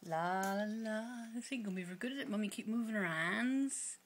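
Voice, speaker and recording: A woman's voice: mid-range voice, fast. A woman, casually coaxing her parrot to talk in a sing-song pet voice, recorded on a home video. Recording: noisy home video with background noise.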